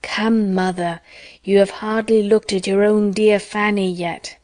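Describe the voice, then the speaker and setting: Woman doing a keen young sailor from a storybook, brisk and affectionate. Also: mid-range voice, steady tone, a little mellow, dry recording, lightly acted. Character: eager young naval officer son.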